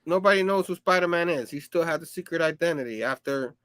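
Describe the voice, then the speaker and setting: A man's voice: fairly high pitch, fast, fairly bright tone, dry recording. A man hosting a comic book review show, retelling issues casually in a rambling way, with lots of fillers and hummed sound effects.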